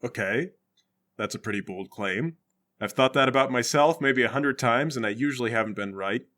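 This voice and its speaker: A man playing a tabletop game, excitable and jokey. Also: mid-range voice, normal speed. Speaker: player. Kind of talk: casual tabletop play.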